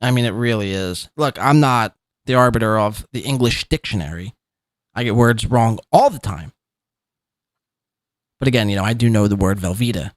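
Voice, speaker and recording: A man's voice: on the low side, moderate pace, long pauses, dry recording, clean studio sound. A man in his thirties hosting a podcast, giving mocking, sarcastic commentary on clips. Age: 30s. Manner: sarcastic, derisive, repeats words for laughs. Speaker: podcast host.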